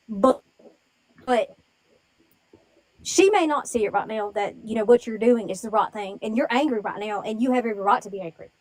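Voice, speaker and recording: A woman's voice: on the high side, poor audio. A woman calling in to a livestream, speaking earnestly and emotionally in a rambling way. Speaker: caller on a livestream. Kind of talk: live-stream call-in.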